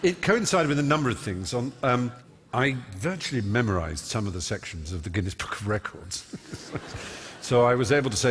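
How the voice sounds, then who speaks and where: Brief: man, stage guest, witty self-mocking storyteller, mid pitch, hall echo. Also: animated, brisk, a bit bright, slight background noise. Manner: eloquent, self-mocking, with many fillers. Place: large concert hall stage. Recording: long reverb of a large hall.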